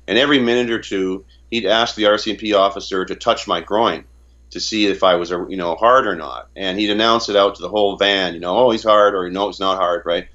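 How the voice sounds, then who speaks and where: A man's voice: fairly low pitch, a bit bright, dull audio. A man from Canada giving an interview in a casual way, often stumbling and repeating words as he retells conversations. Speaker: interview guest.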